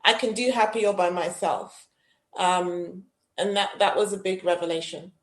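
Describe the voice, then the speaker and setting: A woman's voice: on the low side, steady tone, moderate pace. A woman co-hosting a podcast, enthusiastic in a casual group chat. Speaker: podcast co-host. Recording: roomy echo.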